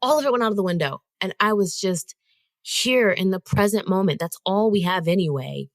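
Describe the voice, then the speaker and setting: A woman hosting a solo podcast, telling a story in an animated, conversational way and talking straight to her listeners. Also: mid-range voice, fairly quick, no echo. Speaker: podcast host.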